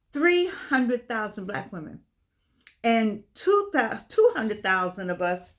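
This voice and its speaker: Emphatic preachy woman vlogger. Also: medium pitch. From United States. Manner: emphatic, preachy, repeats phrases for stress. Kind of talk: impassioned monologue.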